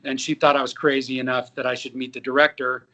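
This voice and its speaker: A man in his fifties, an actor and musician appearing as a guest, tells lively anecdotes full of quoted dialogue in a casual interview. His voice is mid-range and his pace quick.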